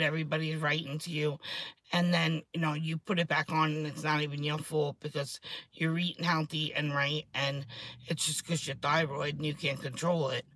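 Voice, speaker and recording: A woman, rambling excitedly and swearing freely in a casual chat to camera, her voice a little hoarse. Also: low-pitched, no room sound. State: hoarse throat. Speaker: vlogger.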